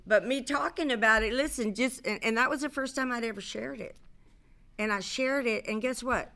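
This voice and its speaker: A woman's voice: a little high, moderate pace, pushed and bright. A middle-aged woman speaking to a recovery convention, sharing her story candidly. She rambles with many fillers and restarts and swears casually. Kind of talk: personal share to an audience. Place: convention stage.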